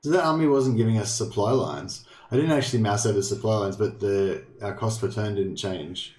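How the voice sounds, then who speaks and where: A man's voice: lowish voice, normal speed, a little mellow. An Australian man commenting casually on a strategy game he is playing, thinking aloud and swearing now and then. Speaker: gameplay streamer. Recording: roomy echo, faint game music.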